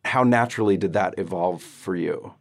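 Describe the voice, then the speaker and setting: A man interviewing a guest, asking thoughtful, measured questions. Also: sits low, creaky. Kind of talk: conversational interview.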